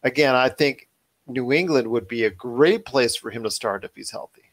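A man's voice: medium pitch, animated, normal speed. Guy hosting a sports podcast, mid voice, earnest, kinda repeats himself. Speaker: podcast host. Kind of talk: casual sports talk.

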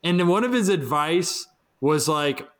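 Sarcastic man with a slightly high voice. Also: lively intonation, measured pace, a bit bright. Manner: sarcastic, mocks advice in put-on quotes. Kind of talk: casual podcast chat.

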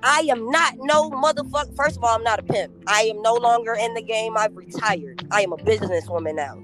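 A woman's voice: on the high side, fairly quick, a bit bright, soft background music. A woman on a podcast, ranting in a brash, profane, confrontational way. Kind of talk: heated casual podcast talk.

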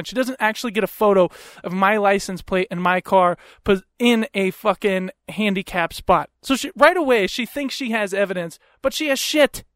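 A man's voice: sits high, a bit bright, dry recording, studio quality. Profane, ranting male storyteller. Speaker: podcast host. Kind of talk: comedic storytelling.

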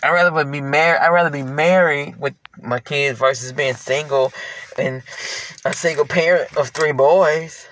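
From inside a car, a man with a higher, steady, fairly bright voice speaks at normal speed to his partner. As a parent, he pours out a rambling, heartfelt monologue thick with fillers.

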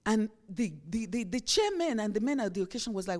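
A woman's voice: medium pitch, sing-song, fairly quick, darkish tone. Woman pastor preaching conversationally. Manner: conversational preaching with acted-out everyday examples. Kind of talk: sermon.

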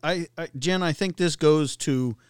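A man's voice: a little high, a little slow, smooth, no room sound, studio quality. A man hosting a casual interview, asking loose, rambling questions. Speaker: podcast host.

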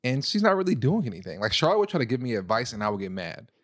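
A man co-hosting a casual relationship talk, telling stories in an animated way. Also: quick pace, no room sound, studio quality. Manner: animated storyteller, jumps into a high falsetto to tease. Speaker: podcast co-host.

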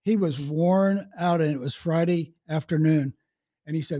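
A man's voice: fairly high pitch, normal speed, warm tone. A man in his seventies, a guest in a casual interview, telling stories in a folksy, rambling way, often restarting his sentences. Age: 70s.

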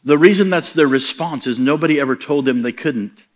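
A man's voice: fairly high pitch, brisk. Emphatic storytelling male preacher. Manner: storytelling preacher, acts out quoted voices, rising emphatic punches. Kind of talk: sermon.

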